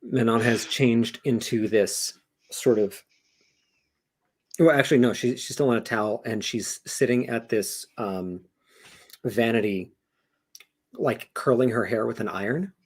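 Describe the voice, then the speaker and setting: Gravelly man narrating a tabletop game. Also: medium pitch, measured pace, pauses often. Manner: rambling, self-correcting, descriptive. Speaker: game master.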